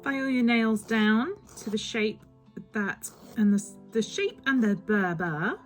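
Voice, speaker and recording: A woman's voice: on the high side, a little slow, soft background music. Chatty woman giving a tutorial. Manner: chatty, instructive, slightly rambling. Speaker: beauty vlogger. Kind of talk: step-by-step nail tutorial.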